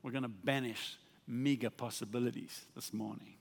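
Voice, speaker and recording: A man preaching a sermon with passion, swinging from soft, quiet asides to loud, ringing declarations. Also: medium pitch, fairly even intonation, moderate pace, creaky. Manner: impassioned, rising to exclamations then dropping to soft asides. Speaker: pastor. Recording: long reverb of a large hall.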